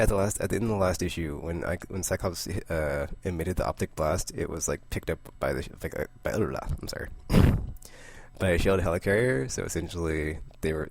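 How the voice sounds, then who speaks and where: A young man chatting casually about the comics he picked up this week, rambling with asides and short laughs and acting out the characters in quick voices. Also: low-pitched, a little mellow. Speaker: comic book vlogger. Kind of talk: casual comic book review.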